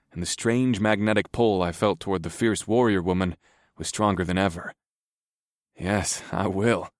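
Man, fantasy audiobook narration, first person, steady, low voice, dry close recording. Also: dry recording. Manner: steady, even storytelling.

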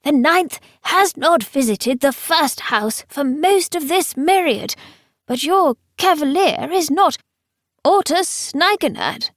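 A woman's voice: high-pitched, lively intonation, takes it slowly, dry recording, studio quality, pitched above the performer's own voice. A woman voicing a cheerful little old male priest who talks in a delighted, quavering, effervescent way. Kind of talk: audiobook character voice.

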